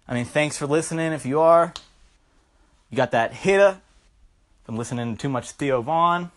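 A man's voice: on the high side, moderate pace, pauses often. A stoned young man hosting a podcast, telling a rambling, profane comic story into his phone. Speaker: podcast host.

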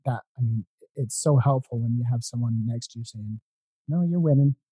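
A man hosting a podcast interview, talking in a rambling way with many halting restarts. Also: mid-range voice, fairly even intonation, dark tone, slightly rough, dry recording, rough recording. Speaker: podcast host. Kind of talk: casual interview chat.

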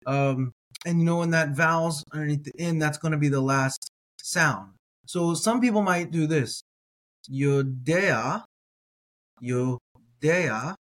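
A man's voice: fairly high pitch, moderate pace, fairly bright tone. A man teaching a reading lesson, sounding words out syllable by syllable, hesitating with fillers and correcting himself as he goes. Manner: hesitant, with frequent ums and uhs. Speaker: Hebrew teacher.

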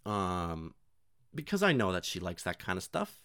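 A young man talks in a loose, rambling monologue full of fillers and swearing, mocking himself as he goes. His pitch swoops widely from moment to moment. The sound is dry and close. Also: animated, normal speed, fairly bright tone, clear, resonant tone, dry recording. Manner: rambling, profane, self-deprecating, many fillers.

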